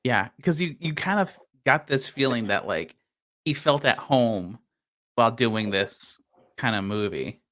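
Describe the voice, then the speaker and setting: A man's voice: mid-range voice, lively intonation, measured pace, a bit bright. A man co-hosting a casual podcast about movies, hedging loosely with lots of filler words. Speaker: podcast co-host. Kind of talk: casual movie-review chat.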